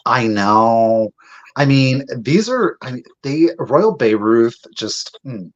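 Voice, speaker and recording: A man's voice: medium pitch, lively intonation. A man hosting a live online sale, chatting and gushing as he shows each item to bidders. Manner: chatty and gushing, drawn-out exclamations, addresses bidders directly. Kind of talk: live sales stream, showing items on camera. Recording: slightly dull lo-fi audio.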